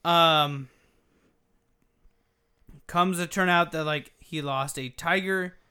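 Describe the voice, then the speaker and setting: A man's voice: a little high, slow, smooth. A man co-hosting a gaming podcast, telling a long story in casual chat, swearing freely and acting out quotes as he goes. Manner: profane, animated storytelling with acted quotes. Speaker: podcast co-host.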